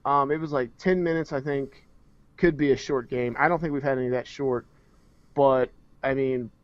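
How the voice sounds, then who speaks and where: A man's voice: medium pitch, fairly even intonation, moderate pace, no room sound. Male co-host, rambling and hesitant, dry dull lo-fi podcast audio. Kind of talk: casual podcast chat.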